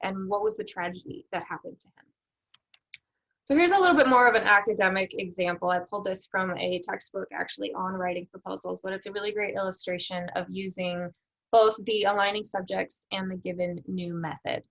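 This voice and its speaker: A woman's voice: medium pitch, fairly quick, creaky, fairly bright tone, poor audio. A woman giving a recorded lecture on editing proposals, explaining step by step with rhetorical questions and frequent fillers. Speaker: research development instructor.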